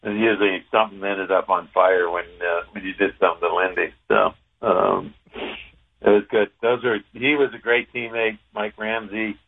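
A man, a former pro hockey player, telling a long anecdote in a relaxed, rambling way, with some salty language. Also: lowish voice, normal speed, creaky. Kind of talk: casual anecdotal storytelling. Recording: tinny phone-line sound.

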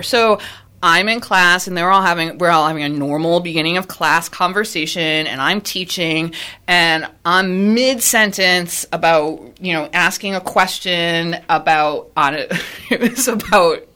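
A woman, a high school physics teacher, telling a personal story in a casual way, acting out the people she quotes. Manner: animated, acts out quoted people with jumps in pitch.

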